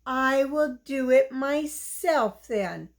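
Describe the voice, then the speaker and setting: A woman's voice: high voice, expressive, very slow, full character voice. Woman doing a weary mother hen, patient. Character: tired hardworking mother hen.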